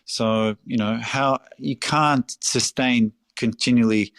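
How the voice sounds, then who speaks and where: A man's voice: mid-range voice, takes it slowly, hardly any pauses, clean tone, dry recording. Man chatting, dry close sound. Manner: relaxed, rambling with repeated phrases and fillers. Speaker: restaurateur guest. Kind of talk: casual interview.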